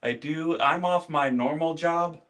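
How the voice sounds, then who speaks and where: A man's voice, a little high, a little slow, and fairly bright in tone. He hosts a casual livestream, demonstrating his beard care routine as he chats with viewers, welcomes them by name, and repeats his phrases.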